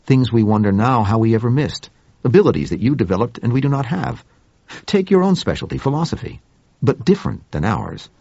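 A man playing a grave, courteous middle-aged man who speaks quietly and earnestly, in an audiobook reading. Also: mid-range voice, lively intonation, a little fast, vocal fry, husky, dry recording, muffled recording.

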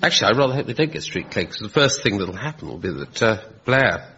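A man on a comedy panel, spinning a wry, rambling story with pauses and ums. His voice is bright and sharp-edged. The sound is muffled and lo-fi, with faint hiss. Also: fairly low pitch, big pitch swings. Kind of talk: improvised comic chat. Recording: lo-fi broadcast audio.

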